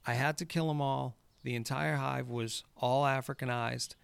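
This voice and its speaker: A man's voice: medium pitch, fairly even intonation, normal speed, vocal fry, few pauses, smooth, no echo. A man who works as a golf course superintendent, telling rambling stories in casual chat, swearing and laughing often.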